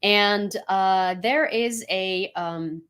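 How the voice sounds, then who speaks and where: Woman, from Ukraine, casual news commentary, frank, opinionated, mid-pitched voice. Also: drawn-out words, a bit bright, clear, resonant tone.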